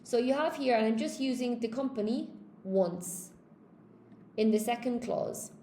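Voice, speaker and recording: Teaching an English grammar lesson on a live stream, a woman with a Cork Irish accent speaks in a slightly high, dark-toned voice without hurrying. She's chatty, often checks in with "okay?" and greets viewers by name, in a roomy space with slight background noise.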